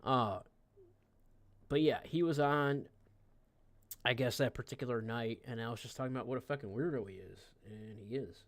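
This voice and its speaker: A man's voice: mid-range voice, moderate pace, long pauses. A man live streaming, giving casual reaction commentary in a mocking, profane, rambling way.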